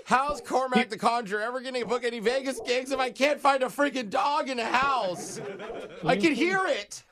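A man's voice: very high-pitched, moderate pace, crowd noise. A man making a prank phone call as a flustered, frantic dog sitter who keeps laughing through his lines. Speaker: radio prank caller posing as a dog sitter.

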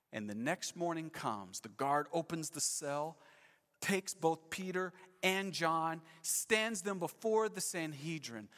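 Guy pastor preaching, fairly high voice, big dramatic swings loud to hushed, long church echo. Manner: dramatic, shifts between loud emphasis and hushed lows. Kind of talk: sermon. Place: church sanctuary.

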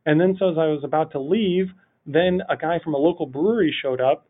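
Male podcast guest, quick, slightly high voice, rambling anecdote delivery, tinny phone-line sound. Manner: animated rambling storytelling, full of "like". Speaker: podcast guest, city project manager. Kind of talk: telling a funny anecdote in a podcast interview.

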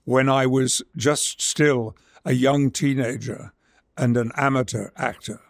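Gravelly older Englishman, slow and measured. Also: medium pitch, steady tone. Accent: English, trained stage speech. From Yorkshire, England. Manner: measured, theatrical delivery. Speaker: actor, guest. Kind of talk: interview conversation and dramatic verse reading.

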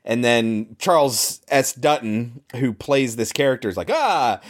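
A man's voice: medium pitch, unhurried. A man co-hosting a podcast, casually explaining film plot points and laughing along. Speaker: podcast co-host.

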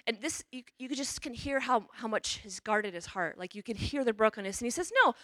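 Brief: chatty nun preaching a parish mission, bright voice, dry close sound. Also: female voice, on the high side, a little fast, no room sound. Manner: chatty, checks in with "okay?" and "you know". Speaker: religious sister giving parish mission talk. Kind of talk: conversational sermon.

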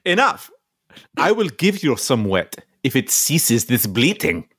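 A man's voice: mid-range voice, very animated, a little slow, a bit bright, husky, no echo, studio quality, exaggerated voice. A man voicing a proud Viking warrior who declaims in pompous, mock-heroic speech, improvised for comedy. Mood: haughty. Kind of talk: comedic improvised voice acting on a podcast.

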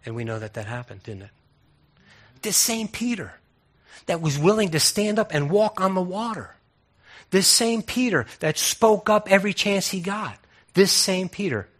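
Man, preacher, casual sermon, rhetorical questions, stammering restarts, fairly high voice, bright edge. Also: animated, normal speed.

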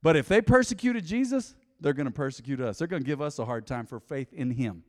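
A pastor preaching a sermon, swinging between loud emphasis and hushed asides. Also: male voice, on the high side, sing-song, fast, hardly any pauses, big-room sound. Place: church hall.

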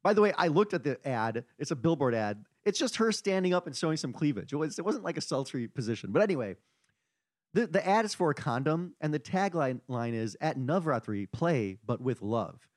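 Sardonic podcast co-host, higher voice. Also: male voice, big pitch swings, a little fast, no room sound, clean studio sound. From Chicago, US. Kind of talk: casual comedy podcast chat.

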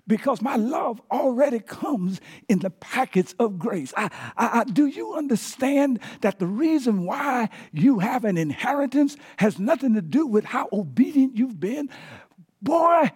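A man voicing a tender, pleading older father who swells into fervent shouts. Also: high-pitched, slightly rough, exaggerated voice.

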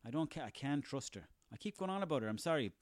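An Irish man in his thirties rants for laughs, swearing freely and rambling from gripe to gripe with a sarcastic edge. His voice sits at an ordinary middle pitch, and the recording is close and dry with no room sound. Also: sing-song, quick pace, dry recording. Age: 30s. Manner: profane, sarcastic, ranting, rambling. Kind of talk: comic rant monologue.

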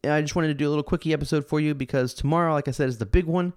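A man's voice: on the high side, rapid-fire, darkish tone, smooth, no room sound. Rambling young man, dry close sound. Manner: rambling and self-amused, many fillers. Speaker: podcast host. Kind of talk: casual solo storytelling.

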